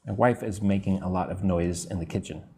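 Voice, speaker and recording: A man teaching an English lesson on a live stream, reading out viewers' comments, answering them casually, and slowly drilling pronunciation. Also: low-pitched, steady tone, a little mellow, slight background noise. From United States. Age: adult, not young.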